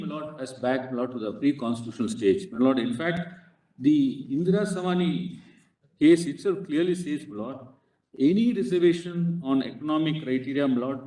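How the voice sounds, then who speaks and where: A man's voice: a little high, mellow. A man with an Indian English accent arguing a case before a court bench, breaking his phrases with constant, insistent "Lord" addresses. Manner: inserts "Lord" into nearly every phrase, halting and insistent. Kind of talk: courtroom legal argument. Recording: echoey courtroom audio picked up from a distance.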